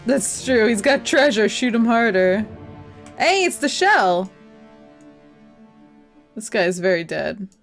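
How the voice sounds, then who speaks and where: A woman's voice: mid-range voice, big pitch swings, slow, pauses often, faint music behind. A woman streaming a game, chatting casually and laughing at herself as she plays. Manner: chatty, self-deprecating, laughs often. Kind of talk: casual live game commentary.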